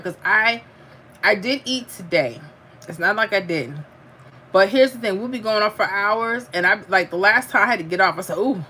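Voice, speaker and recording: A woman's voice: medium pitch, sharp tone, slight background noise. A middle-aged woman, chatting casually while she eats on a home livestream and reads out viewer comments, laughing and calling people "honey". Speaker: livestream host.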